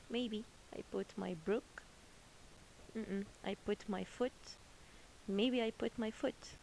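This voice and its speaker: A woman's voice: medium pitch, gravelly, darkish tone, slight background noise, low-quality recording. A woman teaching a children's English lesson, patiently repeating each word twice.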